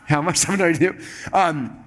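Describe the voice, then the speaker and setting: A man speaking on stage to a live audience, telling a lively personal story and acting out the other people's lines. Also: on the high side, moderate pace. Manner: animated, acts out quoted dialogue in shifting voices. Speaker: keynote speaker.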